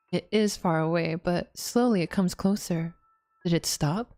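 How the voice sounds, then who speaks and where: Slow-talking woman streamer, laughing reactions. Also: on the low side, a little mellow. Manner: laughs often, jumpy exclaiming reactions. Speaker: VTuber streamer. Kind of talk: casual game streaming, reading story text aloud.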